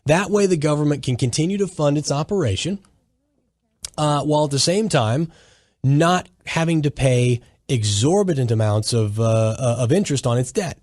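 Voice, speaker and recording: A man's voice: fairly high pitch, animated, moderate pace, a little mellow, no echo, studio quality. Emphatic man lecturing on a podcast. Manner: emphatic, lecturing, with frequent restarts. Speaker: podcast host. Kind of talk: solo political commentary.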